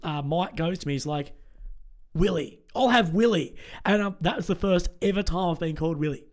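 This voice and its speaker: Young Australian man, casual storyteller, slightly higher voice, filler-heavy delivery. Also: fast talker, a little mellow. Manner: chatty storytelling, many fillers. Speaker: host. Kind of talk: casual chat.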